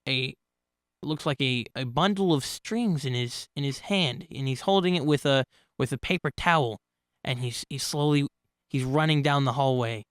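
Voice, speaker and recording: A channel host tells personal stories in casual, rambling speech, often restarting and correcting himself. His voice is medium-pitched at a normal speed, recorded dry with studio quality.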